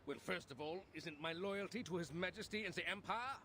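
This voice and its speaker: A man's voice: high voice, brisk, bright, forceful tone, a little hiss or hum. An actor with a British accent playing a smug, glib male city official in a game cutscene, self-satisfied and condescending, over game audio with an ambient bed behind him. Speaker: head of a city branch office.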